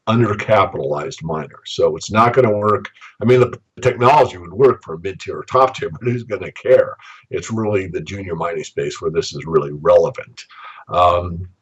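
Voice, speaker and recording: Low husky man on a dull line. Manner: measured, with frequent fillers and restarts. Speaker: guest, precious metals analyst. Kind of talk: interview on a podcast.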